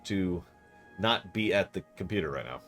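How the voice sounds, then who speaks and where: Brief: male GM for an online tabletop game, low animated voice, chatty. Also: moderate pace, faint music behind. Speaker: game master.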